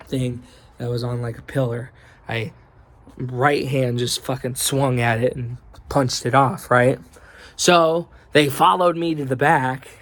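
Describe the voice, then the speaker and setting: A man's voice: medium pitch, no echo. Rambling, cursing man in a dry room. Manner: angry, rambling storytelling with profanity and many fillers. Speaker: vlogger. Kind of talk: casual vlog rant.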